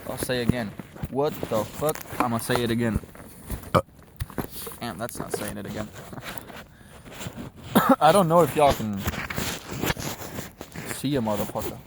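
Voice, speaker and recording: A man's voice: mid-range voice, unhurried, pauses often, noisy background. Profane man rambling outdoors. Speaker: vlogger. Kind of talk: casual rambling rant to camera. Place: outdoors at sunset. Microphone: phone.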